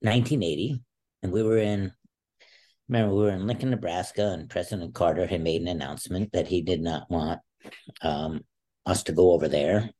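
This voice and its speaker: A man in his sixties, an interview guest telling a long story in a casual way, acting out what others said. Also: fairly quick. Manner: animated storyteller, acts out quotes with a raised pitch. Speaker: interview guest, former wrestler.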